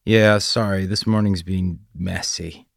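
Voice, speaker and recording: A man's voice: sits low, steady tone, unhurried, creaky, dry recording. A man voicing a frazzled, defensive father, close to his own voice.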